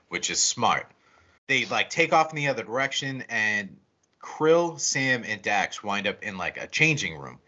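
A man's voice: mid-range voice, a little slow. A man co-hosting a podcast, recapping a movie in casual, profane chat and acting out the quotes. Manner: animated storytelling with acted-out quotes. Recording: dull lo-fi recording.

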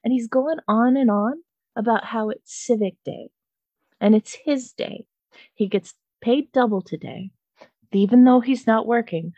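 A young woman from Canada telling a comedic story, animated and profane, often laughing. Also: on the high side, unhurried, no room sound.

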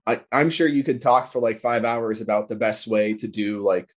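A young man talking casually as a podcast guest, quick and chatty, with lots of "like" fillers. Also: lowish voice, fairly even intonation. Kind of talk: casual conversation.

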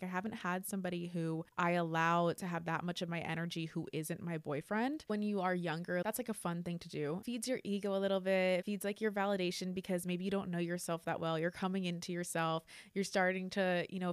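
Twenties woman doing a solo podcast, kinda low voice, swears a lot, super dry close mic. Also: smooth, dry recording. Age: 20s. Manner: candid and profane, animated when retelling stories. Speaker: podcast host. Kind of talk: casual solo podcast monologue.

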